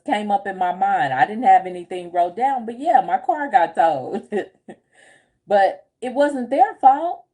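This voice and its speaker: A woman's voice: medium pitch, mellow. A woman business coach chatting casually on a livestream, telling stories with frequent laughs and answering viewer comments. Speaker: group home business coach.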